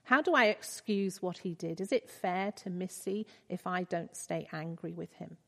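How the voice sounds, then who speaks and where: A woman's voice: fairly low pitch, moderate pace, vocal fry, fairly bright tone. A woman reading the lines of a grieving father, pleading and questioning. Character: grieving father struggling to forgive. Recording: reverberant hall.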